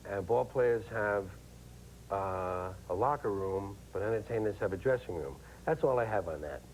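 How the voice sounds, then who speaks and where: A middle-aged man, a comedian guest who chats wryly and lively, slipping into impressions. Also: on the low side, normal speed, slight background noise, poor audio. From New York. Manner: wry, animated, slips into impressions. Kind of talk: casual chat.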